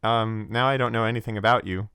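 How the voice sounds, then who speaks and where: Man podcast host, casual game chat, rambling, lots of filler, low voice, dry close sound. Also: steady tone, fast talker, sharp tone, clear, resonant tone, no room sound. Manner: rambling, frequent restarts and filler. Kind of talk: casual chat about tabletop games.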